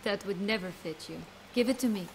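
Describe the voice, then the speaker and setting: A woman's voice: mid-range voice, a little fast, natural voice. Woman playing a teasing flirty noblewoman in a game, mid voice, crowd chatter behind.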